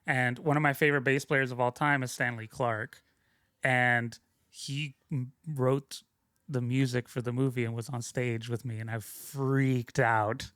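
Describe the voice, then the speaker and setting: A man's voice: mid-range voice, flat delivery, unhurried, fairly bright tone, clear, resonant tone, dry recording, clean studio sound. A young adult man telling stories about his career in casual interview talk, loose and rambling, with lots of fillers and restarts. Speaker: guest, film sound mixer.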